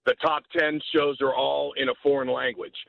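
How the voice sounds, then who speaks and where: A man's voice: medium pitch, little pitch movement, normal speed, gravelly, dry recording. A man calling in to a sports radio show, rambling and meandering through his point over a tinny phone line. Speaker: caller. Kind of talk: rambling call-in talk.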